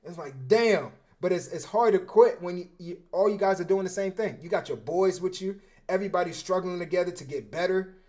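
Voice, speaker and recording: A young man, a football coach and former defensive back, talking casually on a livestream, animated and slangy, often repeating his words. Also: high-pitched, brisk. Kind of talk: casual livestream film breakdown.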